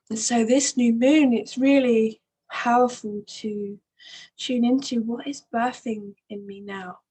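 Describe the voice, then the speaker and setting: A woman hosting a spiritual astrology talk, speaking in a soft, flowing way with many "you know"s. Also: on the high side, husky, low-quality recording. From Northern Hemisphere. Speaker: astrology channel host. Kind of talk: spiritual monologue to camera.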